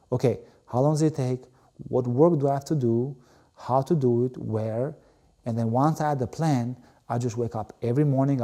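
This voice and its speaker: A man's voice: medium pitch, warm tone. A man, a guest telling his story emphatically in an interview, full of "you know" and repeated words. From Albania. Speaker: interview guest, former volleyball player. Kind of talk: animated storytelling in conversation.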